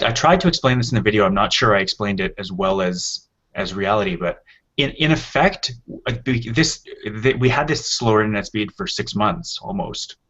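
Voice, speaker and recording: A man with a lowish voice co-hosts a tech podcast in a casual, rambling way, often restarting his sentences as he explains. The audio sounds dull and lo-fi. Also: fairly bright tone. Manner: explains at length with many restarts. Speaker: podcast co-host. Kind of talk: casual chat.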